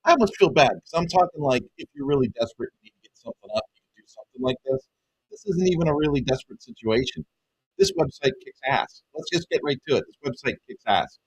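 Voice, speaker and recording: A man who runs a web design business, giving an excited, emphatic pitch to viewers and calling them folks over and over. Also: fast, slight background noise, poor audio. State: excited, half-yelling. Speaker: web design agency owner and coach. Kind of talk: energetic direct-to-camera pitch.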